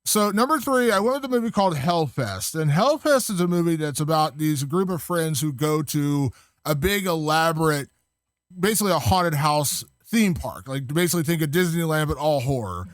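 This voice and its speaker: A man with a fairly high voice talks casually as a podcast guest. He rambles with enthusiasm, full of fillers and restarts. The sound is dry and close. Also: animated, normal speed, no room sound. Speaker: guest film critic.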